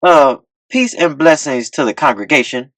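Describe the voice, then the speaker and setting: A man voicing a young, overconfident smooth talker who stammers when cornered. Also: fairly high pitch, lively intonation, moderate pace, fairly bright tone, no echo. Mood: flustered. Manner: cocky yet flustered, stammering. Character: young male smooth talker, cocky but nervous.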